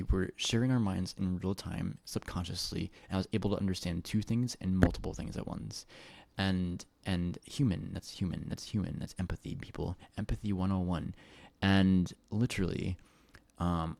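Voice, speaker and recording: A man talking to his viewers in a rambling, excitable personal monologue, full of restarts and swearing. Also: deep voice, moderate pace, creaky, dry recording. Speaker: vlogger.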